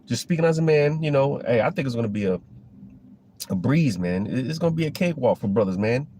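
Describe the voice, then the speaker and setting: A man's voice: medium pitch, lively intonation, quick pace, dark tone, a little hiss or hum. A man giving a casual, rambling preaching monologue about scripture, full of fillers and restarts. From Florida. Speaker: religious commentator.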